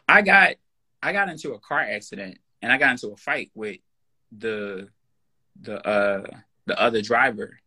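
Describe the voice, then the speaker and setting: Husky, forceful man talking bluntly. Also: on the low side, normal speed. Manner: emphatic, blunt and profane. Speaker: podcast guest; personal trainer. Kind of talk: casual podcast conversation.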